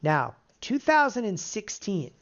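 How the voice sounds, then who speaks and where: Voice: medium pitch, unhurried. Middle-aged trading coach on a live webinar, pumped up, keeps quizzing the crowd, kinda muffled sound. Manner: energetic, fires rhetorical questions at the audience. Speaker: options trading instructor. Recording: dull lo-fi webinar audio.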